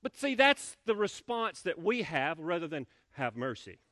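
Conversational pastor man, slightly high voice. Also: expressive, normal speed, fairly bright tone, no room sound, clean studio sound. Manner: conversational, repeats words, asks the congregation questions. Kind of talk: sermon. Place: church sanctuary.

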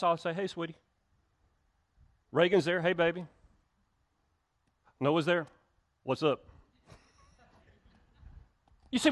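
A male pastor, preaching a conversational sermon to his church with frequent restarts and acted-out quotes. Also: high-pitched. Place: church sanctuary.

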